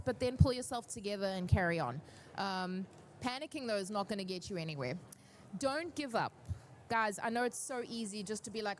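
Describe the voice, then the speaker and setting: A woman speaking on a cosplay panel, giving earnest, encouraging advice and telling stories in an animated way. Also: medium pitch, fairly quick, a little hiss or hum.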